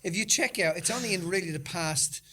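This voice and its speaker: Co-hosting a casual podcast, this middle-aged man spins animated, profanity-laced stories and keeps laughing. His voice sits high, a little rough, and moves slightly fast.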